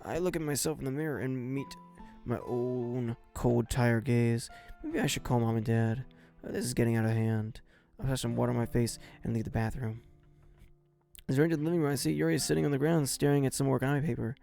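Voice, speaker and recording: A man's voice: medium pitch, fairly even intonation, fairly quick, gravelly, dark tone, soft background music. A man streaming and reading a visual novel aloud, voicing the narrator in first person with a few stumbles.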